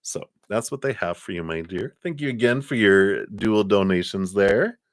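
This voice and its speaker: Male tarot reader on a livestream, low-pitched, rambling and good-humored, dry close sound. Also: normal speed, dry recording. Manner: chatty, laughs often, trails off with fillers. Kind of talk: live-streamed tarot reading.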